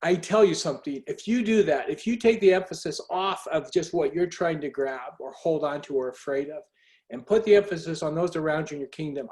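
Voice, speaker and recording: A man's voice: fairly high pitch, fairly quick, darkish tone. Earnest man urging listeners on a call. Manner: earnest, urging, asks the audience direct questions. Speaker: host. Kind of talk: motivational talk on a group call. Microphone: video call.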